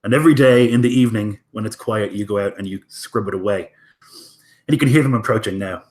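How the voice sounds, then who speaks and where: A man's voice: fairly low pitch, quick pace. A man narrating a tabletop game as game master in a casual way, with lots of fillers and some swearing. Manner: casual, many fillers, profane.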